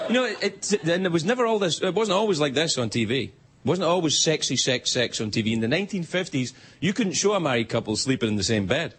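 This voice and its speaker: A Scottish man hosts a late-night show, delivering a playful, teasing comedy monologue in a TV studio before a live audience. His voice is a little high, sing-song and brisk. Loud audience laughter and crowd noise fill the recording.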